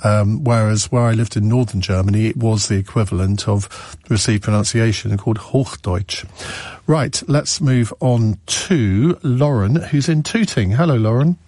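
A man's voice: lowish voice, normal speed, dry recording. A man hosting a radio phone-in, chatting easily with callers and reading out listener messages. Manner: relaxed, conversational, reads listener messages.

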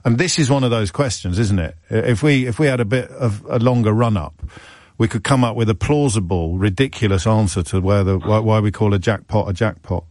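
A man's voice: on the low side, a little fast, darkish tone, no room sound, clean studio sound. A man hosting a live radio phone-in, chatty and wry, thinking aloud with frequent restarts.

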